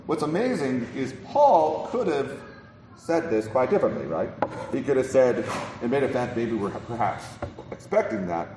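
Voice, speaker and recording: A man's voice: medium pitch, lively intonation, normal speed, background noise. A man preaching a sermon in a conversational way, with many ums, restarts and repeated "right?". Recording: roomy hall from a distance.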